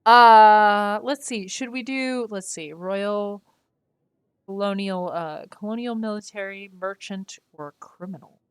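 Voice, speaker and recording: A woman's voice: medium pitch, a little slow, no room sound. A woman streaming a story game live, reading its text aloud and making playful, chatty asides to her viewers.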